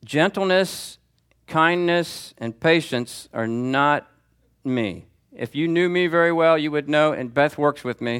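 A man teaches a Sunday school class in a conversational, animated way, his pitch leaping up to stress a point. His voice is bright and forceful, sitting at an ordinary pitch for a man. He calls on students by name as he goes. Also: clean tone. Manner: lively, pitch swings for emphasis. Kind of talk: teaching sermon. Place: church classroom before a group.

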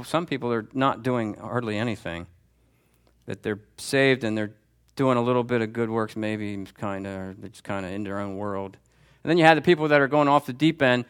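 A man's voice: mid-range voice, a bit bright, clean tone. A man preaching a sermon as pastor, in a conversational, emphatic style that repeats key phrases.

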